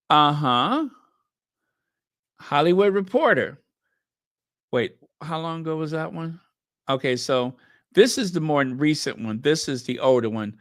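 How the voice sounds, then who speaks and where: A man's voice: a little high, very animated, measured pace, fairly bright tone, no echo, clean studio sound. A man hosting sarcastic gossip commentary, drawing out his words with sardonic emphasis and reading headlines and viewer comments aloud. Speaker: commentary channel host.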